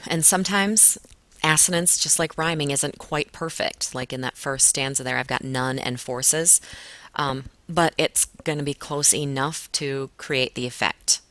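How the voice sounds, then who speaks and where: A woman teacher talking a class through a poem in a relaxed way, with frequent fillers. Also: low voice, a little slow, dry recording. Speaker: English teacher. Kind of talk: recorded classroom lesson walkthrough.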